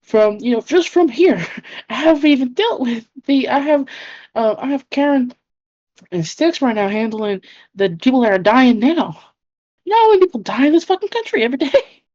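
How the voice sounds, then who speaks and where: A woman plays an overworked goddess ruling the underworld, buried in paperwork and short on patience. She barks orders and swears in exasperation in a low voice. The audio is dull and muffled. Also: moderate pace, a little mellow, no echo. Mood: overwhelmed. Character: frazzled goddess Persephone, overworked queen of the underworld, short-tempered.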